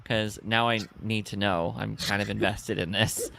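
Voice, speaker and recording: Rambling, excitable male co-host. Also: fairly low pitch, moderate pace, gravelly, slight background noise. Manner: rambling, excitable, trailing off mid-thought. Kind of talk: casual chat.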